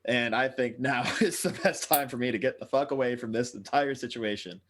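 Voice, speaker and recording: A man's voice: mid-range voice, brisk, fairly bright tone, slight background noise. Casual, swearing male tabletop player. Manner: hesitant, filler-heavy, swears. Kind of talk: casual game chat.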